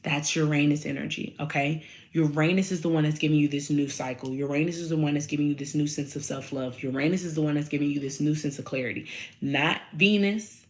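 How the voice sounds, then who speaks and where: This woman talks fast in a low voice while doing a relaxed tarot and astrology reading for her viewers. Animated and foul-mouthed, she leans on repetition for emphasis.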